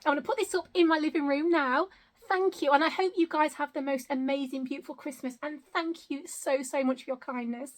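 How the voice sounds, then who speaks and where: A middle-aged woman from the UK chats through a casual home unboxing vlog in a high, light voice. She gushes and exclaims over each gift, thanking viewers again and again. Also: fairly even intonation, fairly quick. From United Kingdom. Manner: gushing, grateful, repeatedly exclaiming. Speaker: vlogger. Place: home, indoors.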